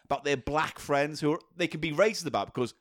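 A man's voice: a little high, quick pace, a bit bright, dry recording. Guy on a podcast, blunt and sweary, dry close sound. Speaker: podcast co-host. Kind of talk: casual chat.

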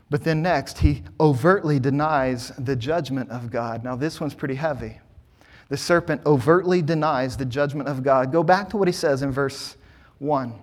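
A man, a pastor, preaching a sermon to his congregation, asking rhetorical questions and stressing key words. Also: mid-range voice.

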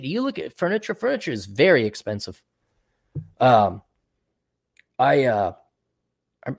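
A man hosting a casual livestream, reading out donations and rambling in a crude, self-mocking way. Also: a little high.

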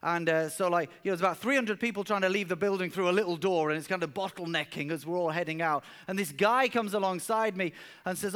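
High-voiced pastor preaching. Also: male voice, fast, a bit bright. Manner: earnest storyteller, often repeats words while speaking. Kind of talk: sermon. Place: church service.

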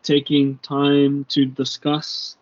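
A man hosting a casual chat, relaxed and full of fillers. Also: on the high side, slow pace. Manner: relaxed, warm thanks, fillers. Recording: slightly muffled recording.

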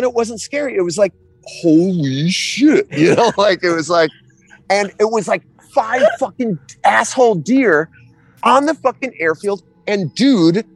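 A man in a casual chat, telling an animated story full of swearing and restarts. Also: high voice.

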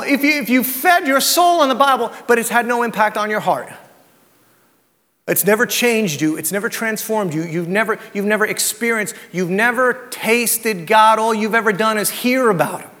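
A man with a high voice preaches to his congregation. His talk is conversational, full of anecdotes and rhetorical questions. The sound rings with the long reverb of a church sanctuary. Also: fairly bright tone. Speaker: pastor. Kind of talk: sermon.

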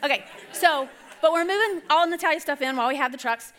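A woman's voice: sits high, fast talker, fairly bright tone. A middle-aged woman telling a rambling, self-correcting personal story in a church sermon. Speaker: church speaker. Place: church stage.

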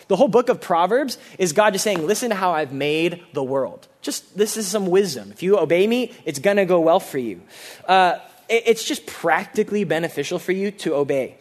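A man preaching a sermon as pastor, earnest and conversational, with frequent restarts and sudden low, quiet drops for emphasis. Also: lively intonation, moderate pace.

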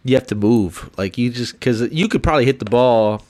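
A young man chatting casually on a podcast, relaxed and full of fillers like "like" and "dude". His voice has a plain, middle pitch. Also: a little fast. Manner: laid-back, filler-heavy, calls people dude and bubba. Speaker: podcast co-host. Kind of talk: casual chat.

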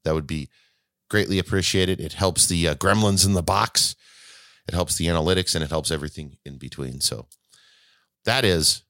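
A man with a very deep voice hosts a podcast on his own, chatting loosely and often restarting his sentences. The recording is dry and close, with no room sound. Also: moderate pace, bright, forceful tone, dry recording. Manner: rambling, self-correcting, chatty. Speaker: podcast host. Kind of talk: casual solo podcast talk.

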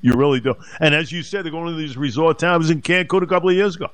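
A man's voice: a little high, steady tone, quick pace, no echo. A man hosting a talk radio show, speaking emphatically and indignantly, repeating his points.

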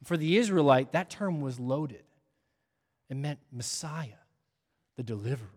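A pastor preaching a sermon, swinging from hushed near-whispers up to ringing, almost shouted climaxes. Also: male voice, mid-range voice, lively intonation, a little slow, in a large hall.

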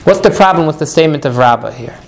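A man teaching a live class, animated and jokey, putting questions to his students. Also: fairly high pitch, fast talker, gravelly.

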